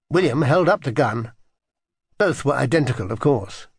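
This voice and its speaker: An audiobook narrator with a husky grain reads a children's storybook at normal speed and medium pitch. His intonation is expressive and lively, rising and falling widely, and the close, dry recording has no echo or room sound.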